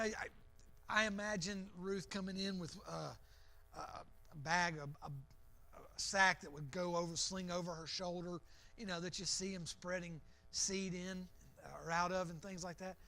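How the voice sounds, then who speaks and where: A man's voice: high voice, a bit bright. A man, a pastor, giving an evening Bible lesson as an imaginative story, often repeating words as he goes. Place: church.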